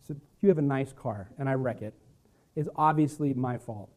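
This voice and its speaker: A male pastor preaching a sermon, swinging from loud emphasis to hushed, quiet lines. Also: medium pitch, moderate pace.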